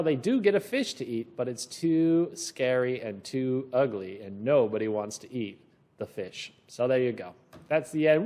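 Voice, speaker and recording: A male teacher leading a children's reading lesson, reading a storybook aloud and asking encouraging questions. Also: medium pitch.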